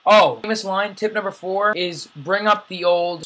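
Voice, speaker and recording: A man's voice: high-pitched, fairly even intonation, moderate pace, fairly bright tone, rough recording. A young man hosting a casual comedic vlog, rambling and self-deprecating as he jokes through tips and acts out little quotes. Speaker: vlogger.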